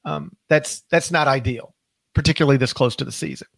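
Vocal fry colors this middle-aged man's fairly bright, high-leaning voice as he hosts a podcast at a fairly quick clip. He chats casually, rambling, correcting himself and stressing key words, with no room sound.

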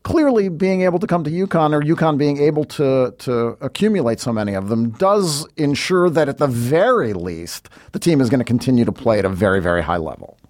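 A man's voice: medium pitch, lively intonation, brisk, few pauses, a little mellow, no room sound, studio quality. A man co-hosting a podcast who argues and pushes back on the guest's point. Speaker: podcast co-host. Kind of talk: casual podcast debate.

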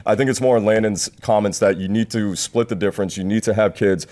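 A man's voice: fairly low pitch, steady tone, darkish tone. A man co-hosting a casual sports podcast, delivering a fired-up rant and laughing at himself. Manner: fast, fired-up, self-deprecating. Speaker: podcast co-host. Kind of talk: casual sports chat, ranting.

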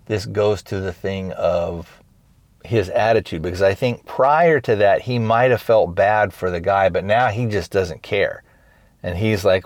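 A man's voice: lowish voice, no room sound. A man hosting a podcast, retelling scenes in a loose rambling way with many restarts and acted-out quotes. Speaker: podcast host reviewing a film. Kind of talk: casual recap.

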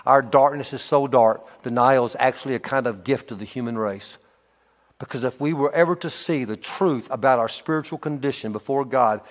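A man preaching a sermon in an animated way, swinging from hushed tones to emphatic repetition. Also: mid-range voice. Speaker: pastor. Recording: long hall reverb.

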